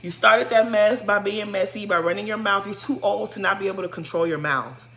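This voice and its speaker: A woman giving a casual, sassy recap of a reality show, scolding a cast member in animated slang. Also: mid-range voice, brisk. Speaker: show commentator.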